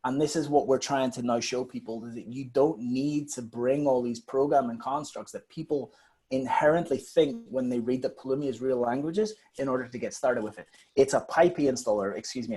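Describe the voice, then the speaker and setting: A man guest explaining software in a webinar, rambling and emphatic with repeated phrases. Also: medium pitch, slightly rough.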